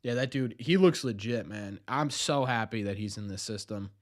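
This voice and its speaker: A man's voice: lowish voice, animated, normal speed. A young man streaming a baseball watch party, switching between a mock announcer voice and chatty asides to his viewers. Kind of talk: casual livestream commentary.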